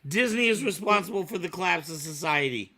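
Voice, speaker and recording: A man's voice: high voice, animated, a little fast, a crowd in the background. A man hosting a podcast, casually chatting and steering the group between topics. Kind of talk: casual chat.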